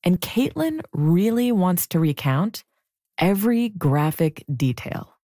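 A woman narrating a podcast story in a measured, composed way. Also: fairly low pitch, big pitch swings, dry recording, clean studio sound. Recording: soft music bed underneath.

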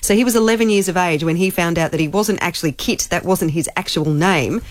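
A woman's voice: on the low side, fairly quick, dry recording. A woman co-hosting a breakfast radio show, telling a story in a chatty, giggly way. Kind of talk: casual radio chat.

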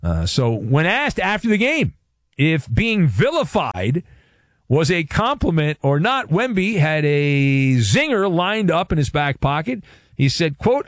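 A man's voice: fairly high pitch, sing-song, measured pace, dry recording, clean studio sound. A man hosting a sports talk radio show, delivering a playful, wisecracking monologue.

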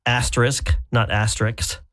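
A man's voice: mid-range voice, flat delivery, moderate pace, fairly bright tone. A middle-aged American man co-hosting a morning radio show, chatting casually and fussing over correct pronunciation. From United States. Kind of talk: casual on-air banter.

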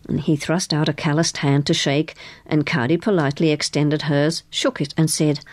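A woman narrating a novel in an expressive way, giving each character a voice. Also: low voice, moderate pace, dry recording. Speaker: audiobook narrator. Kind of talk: scripted narration.

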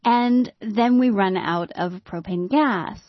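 Slow, wry woman storyteller. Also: mid-range voice, no room sound, highs cut off. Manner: wry, dry humor with dramatic hushed drops. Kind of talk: personal storytelling monologue.

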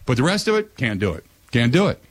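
A man hosting a radio talk show, giving blunt opinions and ranting, his voice climbing high when he gets worked up. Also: very animated, fast talker, slightly rough, no echo.

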